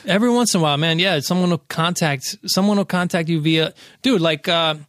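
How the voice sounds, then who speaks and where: A man's voice: fairly high pitch, brisk, fairly bright tone, no room sound, clean studio sound. A man in his thirties, a podcast guest, telling loose, profane stories in casual chat with lots of fillers.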